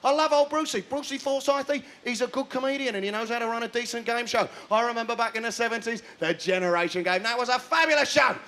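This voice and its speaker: A young comedian rants through a stand-up routine with sardonic mockery. His voice sits very high and sounds bright and sharp, with a gravelly edge. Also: quick pace, few pauses. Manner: sardonic, ranting, mocking.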